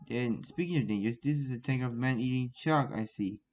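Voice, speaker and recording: A man's voice: mid-range voice, darkish tone. Man stumbling through a read-aloud story. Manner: halting, stumbling over words, restarts. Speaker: reader.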